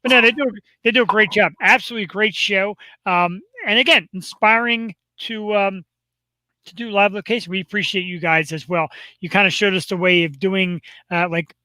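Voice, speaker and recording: Ny guy cohosting a live show, jokey and excitable, bright punchy voice. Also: sits high, normal speed, no room sound, rough recording. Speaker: co-host. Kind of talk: casual chat.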